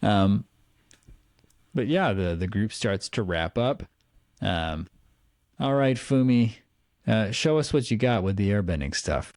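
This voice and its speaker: A man narrating as game master, in loose, easygoing speech full of fillers and quick asides. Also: fairly low pitch, expressive, a little mellow, no room sound, studio quality.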